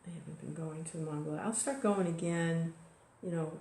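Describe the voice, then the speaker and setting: A woman's voice: low voice, steady tone, moderate pace, creaky, dark tone, slight background noise. A woman giving an informal devotional talk in a conversational way, full of "you know" and small restarts. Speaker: devotional speaker. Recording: echoey room recording.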